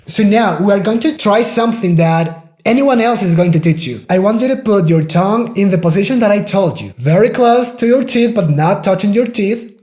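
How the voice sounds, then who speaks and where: A native Spanish-speaking man with a Spanish accent, patiently teaching pronunciation and repeating each sound slowly to demonstrate it. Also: high voice, expressive, darkish tone, reverberant. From Spain. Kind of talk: pronunciation lesson.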